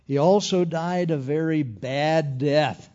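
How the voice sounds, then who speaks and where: A man delivers a humorous evangelist sermon, telling folksy stories packed with jokes in an animated, storytelling style. His voice is on the high side and slow. The recording is dull and lo-fi.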